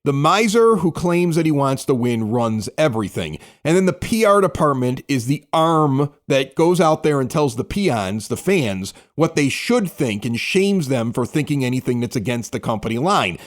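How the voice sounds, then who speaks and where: A man co-hosting a sports podcast, ranting in a casual, animated way. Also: mid-range voice, moderate pace, hardly any pauses. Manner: animated, ranting, acts out others' words. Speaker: podcast co-host.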